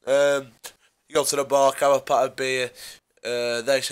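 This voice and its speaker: Man, sports podcast co-host, mid-pitched, rambling, punning, lots of fillers. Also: little pitch movement, moderate pace, clear, resonant tone. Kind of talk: casual sports podcast chat.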